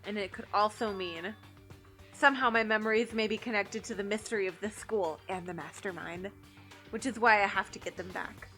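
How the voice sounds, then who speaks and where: A woman reading the lines of a calm, reserved teenage girl detective, explaining in a cool, measured way. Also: mid-range voice, soft background music. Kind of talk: reading game dialogue aloud.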